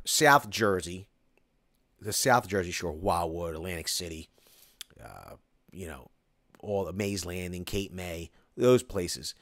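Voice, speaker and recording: Man, Philadelphia accent, middle-aged, low-pitched, dry close mic, casual rambling live Q&A. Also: no room sound. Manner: rambling, restarts often, reads comments aloud. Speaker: construction company host answering viewer questions. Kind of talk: casual live-stream Q&A chat.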